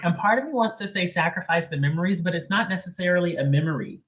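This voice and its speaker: A man's voice: sits high, expressive, quick pace, a bit bright, reverberant. A man giving a casual live tarot reading in a sassy, slangy, emphatic way. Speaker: tarot reader.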